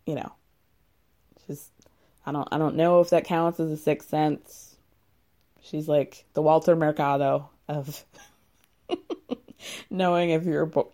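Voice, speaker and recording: A woman's voice: low-pitched, dark tone. A woman casually recapping a reality show, chatty and sarcastic with lots of "like.". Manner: chatty and sarcastic, heavy use of "like". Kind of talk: casual chat.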